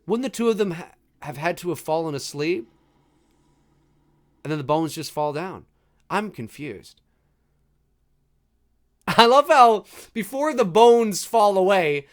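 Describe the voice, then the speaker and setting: A man hosting a live movie commentary, chatting casually and joking about the scenes as they play. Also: high voice. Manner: chatty, jokey, reacting with laughs and mock quotes.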